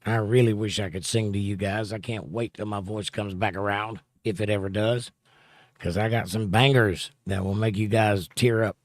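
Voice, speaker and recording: A man with a fairly low voice hosts a livestream, casually reading viewer comments aloud and answering them in a relaxed way. He talks at normal speed, with no room sound.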